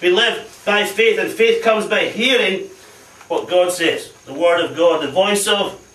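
A man preaches a fervent sermon to a congregation, sprinkling in amens and hallelujahs. His voice sits high and sounds bright. It carries from some distance off the mic and echoes through a roomy church hall. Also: unhurried.

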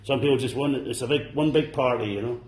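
A man preaching a sermon to a congregation, fervent and exclaiming, dropping at times to soft, low asides. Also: fast talker, roomy sound. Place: church service.

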